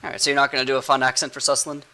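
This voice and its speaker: Giggly man with a bright voice. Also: mid-range voice, monotone, racing, rough recording. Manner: giggly, playful, rambling. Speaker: game master and podcast host. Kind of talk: casual podcast chat.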